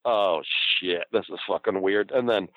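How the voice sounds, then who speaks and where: A man's voice: deep voice, moderate pace, phone-quality sound, noisy background. A man, a former wrestler, telling a story in casual talk, laughing often and swearing freely. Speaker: former pro wrestler, guest.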